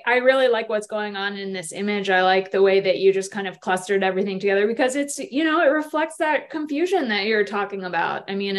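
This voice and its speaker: Encouraging woman giving feedback. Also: mid-range voice. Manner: encouraging, hesitant phrasing. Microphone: video call.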